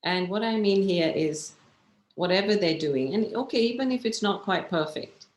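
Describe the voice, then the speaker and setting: A woman's voice: medium pitch, lively intonation, moderate pace, a little hiss or hum. Woman meditation teacher, encouraging and chatty, talking over a video call from a roomy, echoey space. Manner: chatty and encouraging, often checking in with listeners. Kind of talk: online workshop talk.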